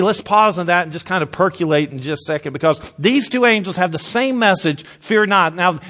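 Man, pastor, emphatic sermon, slightly high-pitched. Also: a bit bright. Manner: emphatic preaching, drops low for emphasis, repeats words when restarting.

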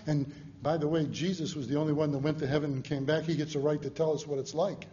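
An older man preaches with folksy humor and a lively, fairly high voice that rises and swells as he tells stories. The sound is roomy and a little dull, with faint noise behind him. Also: fast, hardly any pauses. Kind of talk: storytelling sermon.

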